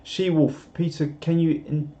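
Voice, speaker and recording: A man's voice: fairly high pitch, level tone, unhurried, warm tone. A British man hosting a casual live stream and chatting through viewer comments in a rambling, self-deprecating way, chuckling often. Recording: dull lo-fi stream audio.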